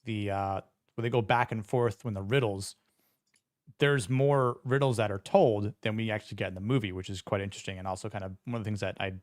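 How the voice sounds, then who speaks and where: A man with a low voice chats casually on a podcast, wandering through his points with lots of fillers and restarts. The sound is dry and close. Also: fairly even intonation, brisk, no echo. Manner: rambling, many fillers and restarts. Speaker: podcast co-host. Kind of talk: casual chat.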